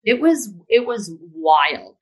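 A woman's voice: on the high side, very animated, slow. A middle-aged woman co-hosting a podcast, emphatic and opinionated, cutting in to make her point in casual chat. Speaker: podcast co-host.

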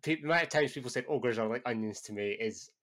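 A man's voice: mid-range voice, fast talker, fairly bright tone. A man with a Scottish accent worn down by years away, chatting wryly and poking fun at himself on a podcast. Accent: Scottish, softened by years away. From Scotland. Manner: wry, self-deprecating storyteller. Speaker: podcast co-host. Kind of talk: casual chat.

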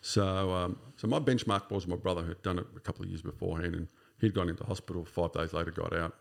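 An Australian man in his fifties, appearing as a podcast guest, tells his own story casually and ramblingly, full of "sort of" and "you know" fillers. His voice is low with vocal fry, fast and fairly even in intonation.

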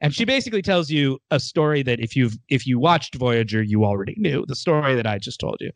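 A man's voice: medium pitch, a little fast, dry recording. Chatty man retelling an episode. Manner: animated retelling, acting out the characters' lines. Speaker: podcast co-host. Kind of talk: casual chat recapping a TV episode.

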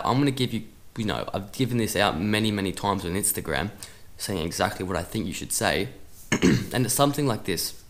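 A man's voice: on the low side, a bit bright. A man hosting a soccer podcast, giving direct motivational advice and acting out short conversations with a coach. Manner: direct, coaching tone, acts out dialogue.

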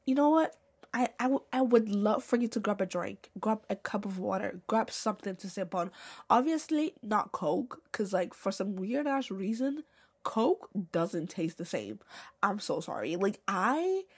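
A young woman hosting her own podcast in casual, slangy chat, animated and jumping up and down in pitch as she talks. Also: a little slow, slightly rough. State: recovering from a cold. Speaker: podcast host.

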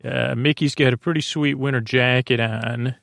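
Brief: male podcast host, gravelly low-mid voice, loose rambling recap, dry close sound. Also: fairly even intonation, normal speed, a bit bright, no room sound. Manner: rambling, many fillers and self-corrections. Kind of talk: casual episode recap.

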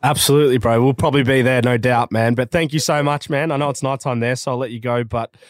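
A man hosts a casual podcast chat, matey and easygoing with his guest. His voice is mid-pitched and recorded dry, with no room sound around it. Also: steady tone, quick pace, no echo. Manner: friendly, matey, calls guest "bro" and "man". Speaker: podcast host.

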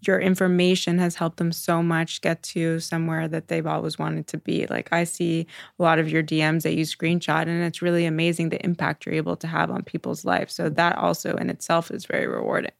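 Low, gravelly-voiced woman host. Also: flat delivery, fairly quick, hardly any pauses, dry recording, studio quality. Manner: supportive, asks long winding questions. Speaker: podcast host.

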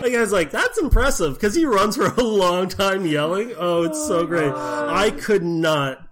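A man's voice: sits high, expressive, a little slow, loud music behind the voice. A man casually recapping a bad movie from his notes, amused and laughing along.

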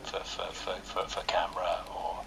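A man's voice: low voice, flat delivery, moderate pace, gravelly, fairly bright tone, exaggerated voice, rough recording. An actor playing an older male actor from London, earnest and hesitant, stammering through a radio comedy. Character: aging male actor, shy, old-fashioned, lonely. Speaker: aging actor at an audition.

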